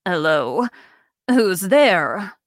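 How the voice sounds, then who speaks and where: A woman voicing a frail, wary elderly woman in a read-aloud story, lower and slower than her own voice. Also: sing-song, no echo, clean studio sound, heavily acted. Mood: calling out.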